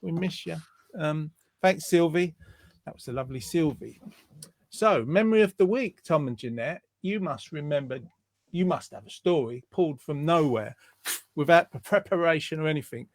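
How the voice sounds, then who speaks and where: A man's voice: a little high, lively intonation, moderate pace, no echo. Chatty man hosting, dry sound. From England. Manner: warm, rambling, chatty with fillers. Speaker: host. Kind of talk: casual online group chat. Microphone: video call.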